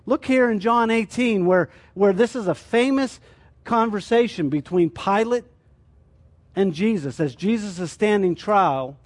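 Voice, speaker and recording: A man's voice: high voice, unhurried. A man teaching a sermon as a church teacher, explaining his points through rhetorical questions.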